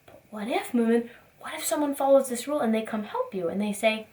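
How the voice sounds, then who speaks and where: A woman teaching a preschool circle time, asking gentle questions in a sing-song teacher voice. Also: on the high side, brisk. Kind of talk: circle time lesson for young children.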